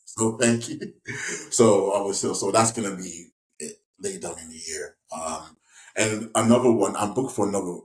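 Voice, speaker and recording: Deep-voiced rambling English man. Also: moderate pace. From West Yorkshire, England. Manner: rambling, many restarts and fillers. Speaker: actor guest. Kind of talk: casual interview chat. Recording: echoey room.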